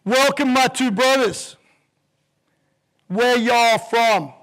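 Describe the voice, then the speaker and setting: Fiery pastor, loud and high-pitched, preaching in a rolling cadence, played by a male storyteller. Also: takes it slowly, full character voice, low-quality recording. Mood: delighted. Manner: preaching call-and-response cadence. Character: excited booming preacher man, fiery and joyful.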